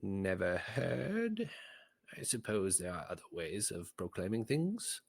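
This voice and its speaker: A man voicing a sly, scheming old creature advisor with a raspy, fawning way of talking, in a storybook reading. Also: low-pitched, normal speed, no echo, exaggerated voice. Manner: wheedling, fawning flattery.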